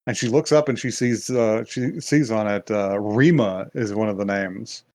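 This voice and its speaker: A man's voice: lowish voice, normal speed, darkish tone, no room sound. Rambling man retelling a plot, dry sound. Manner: rambling retelling with put-on quotes, many fillers and laughs. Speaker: podcast co-host. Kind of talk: casual chat recapping an anime.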